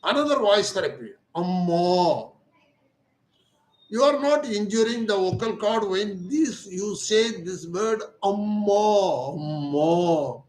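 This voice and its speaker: An older man with an Indian English accent, an ENT surgeon giving a slow, deliberate talk that repeats its key words. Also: high voice, expressive, roomy sound, low-quality recording. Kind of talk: lecture-style explanation.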